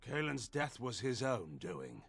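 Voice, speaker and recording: An actor voicing a proud, stern general in a video game, speaking in a commanding, defiant way. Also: male voice, mid-range voice, very animated, a little slow, vocal fry, breathy edge, exaggerated voice. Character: stern proud male general turned regent.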